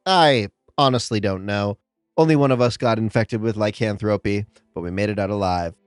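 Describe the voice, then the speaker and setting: A man's voice: lowish voice, no room sound, clean studio sound. Man narrating stories over faint music. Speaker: host. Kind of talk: scripted narration of reader stories.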